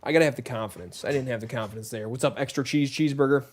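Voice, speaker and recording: A man's voice: medium pitch, rapid-fire. A man live-streaming a shooter game, chatting casually with viewers and greeting them by name in a rambling, friendly way. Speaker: gaming streamer. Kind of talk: casual live-stream chat while playing.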